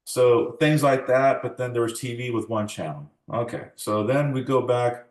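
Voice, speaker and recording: In an oral history interview, an American man in his forties reflectively tells family stories and acts out the quoted dialogue. He has a mid-range voice and a moderate pace, and the room sounds echoey.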